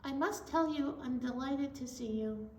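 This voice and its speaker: A woman voicing a polite, excited giraffe puppet in a high, gentle, formal voice. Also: normal speed, slight background noise, natural voice. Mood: delighted. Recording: echoey room from far off.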